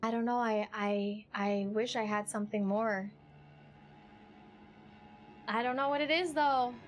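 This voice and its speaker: A woman live-streaming a video game, chatting with her viewers, rambling and emotional, then excitable during play. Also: on the high side, measured pace, soft background music. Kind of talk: live gameplay stream chat. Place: home streaming setup.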